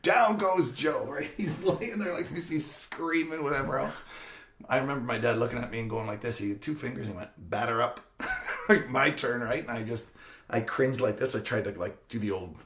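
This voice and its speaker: A man's voice: mid-range voice, brisk, echoey room. A man in his fifties, a former teacher and coach, telling a story on a podcast with laughter and acted-out scenes. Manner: animated, laughing, acts out scenes. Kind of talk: casual storytelling.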